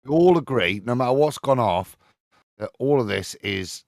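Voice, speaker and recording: A man's voice: medium pitch, animated, moderate pace, creaky, darkish tone, dry recording, clean studio sound. A man speaking as a guest on a live-stream panel, emphatic and preachy, often ending his points with a tag question.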